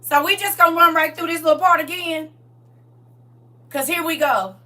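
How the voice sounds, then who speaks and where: A woman's voice: very high voice, normal speed, sharp tone, distant mic. A woman teaching a livestreamed Bible study, reading scripture aloud and talking to her viewers directly in a casual, preachy way.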